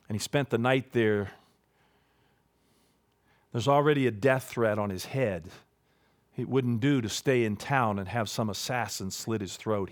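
A man preaching a sermon, building to loud high peaks and dropping to quiet low asides. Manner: dramatic, swings from loud rising peaks to low hushed asides.

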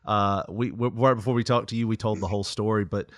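A man's voice: lowish voice, fairly even intonation, fast talker, no echo, studio quality. A man hosting a podcast in loose, rambling casual chat, laughing often. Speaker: podcast host.

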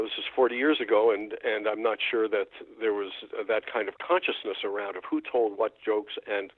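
A man's voice: mid-range voice, dry recording. Hesitant man on a tinny line. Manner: thoughtful, hesitant with restarts. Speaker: folklorist guest. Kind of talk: interview on radio. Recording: dry tinny phone line.

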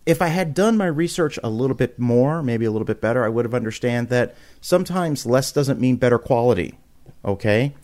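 A man guest on a podcast, telling a story in a casual, animated way, often restarting and repeating words and acting out quotes with big jumps in pitch. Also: brisk.

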